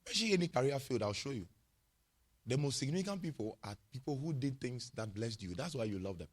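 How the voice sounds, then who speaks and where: A man's voice: medium pitch, expressive, fast, breathy edge. A male pastor preaching a sermon, emphatic and repetitive, often checking in with his congregation.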